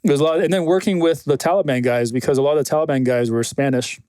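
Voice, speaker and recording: A man in a casual podcast interview, telling animated stories, swearing freely and quoting other people. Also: a little high, fast, no room sound. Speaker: guest, military film consultant.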